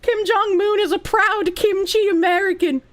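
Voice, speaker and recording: A woman's voice: very high voice, fairly even intonation, normal speed. A woman streamer chatting casually with her audience, crude and teasing, breaking into bursts of laughter. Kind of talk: casual chat.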